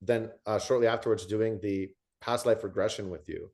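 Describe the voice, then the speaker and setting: Low-voiced enthusiastic male host. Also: steady tone, moderate pace, a little mellow. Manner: enthusiastic, storytelling, many restarts. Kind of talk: conversational interview.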